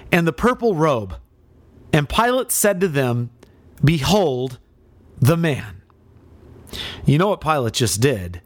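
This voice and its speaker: A man's voice: a little high, no room sound. A pastor delivers an expository sermon with drama, pressing his listeners with questions. His voice rises and falls widely. The recording is dry and close.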